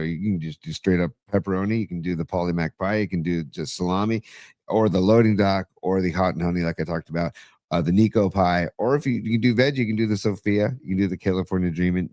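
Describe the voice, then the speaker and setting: A man's voice: sits low, fast talker, darkish tone, no echo, clean studio sound. A man co-hosting a podcast, talking casually and enthusiastically with rambling fillers. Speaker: podcast co-host. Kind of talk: casual chat.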